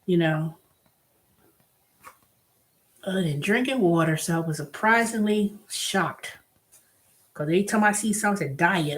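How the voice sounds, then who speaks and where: A woman's voice: medium pitch, animated, moderate pace, pauses often. Blunt, emphatic woman vlogger ranting. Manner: blunt, emphatic, swinging from exasperated to delighted. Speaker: vlog host. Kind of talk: casual solo rant.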